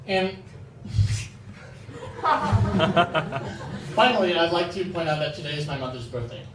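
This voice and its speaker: A young man does stand-up at an open mic with an animated, self-deprecating delivery and a very lively pitch. He sounds far from the mic in a reverberant room. The recording is noisy, and the audience laughs in the background. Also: slow pace, long pauses. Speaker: stand-up comedian. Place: open-mic comedy venue. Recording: roomy, distant, noisy live-venue recording.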